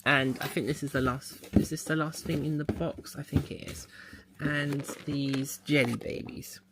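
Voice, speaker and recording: A man's voice: on the high side, steady tone, a little fast, background noise. A man chatting casually as he unboxes a mystery box, thinking aloud as he handles the packaging. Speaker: unboxing vlogger.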